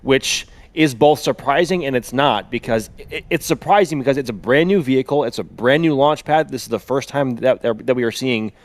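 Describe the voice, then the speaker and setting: A man's voice: mid-range voice, brisk, hardly any pauses. A man co-hosting a livestream, talking casually and often restarting his sentences.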